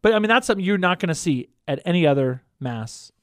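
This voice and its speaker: A man's voice: high-pitched, expressive, quick pace, a bit bright, dry recording, clean studio sound. A man who is a parish priest, casually and enthusiastically explaining church rituals to listeners. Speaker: pastor.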